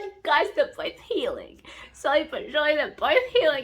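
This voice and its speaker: A woman's voice: sits high, animated, normal speed, fairly bright tone. A woman vlogging about a book she is reading, gushing over it and squealing with delight. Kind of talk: excited reading vlog.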